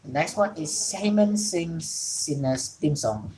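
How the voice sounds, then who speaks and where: A woman's voice: low-pitched, expressive, slow pace, dark tone, slight background noise, rough recording. A woman from Indonesia, an English speaker, hosting a casual solo wrestling talk show from home and rambling with frequent self-corrections. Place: home during rain.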